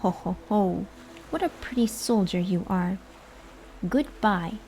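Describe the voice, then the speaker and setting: A woman's voice: medium pitch, animated, slow, a little mellow, a little hiss or hum. A woman voicing an invisible, mocking male fairy spirit that laughs and taunts, as a whispered role-play.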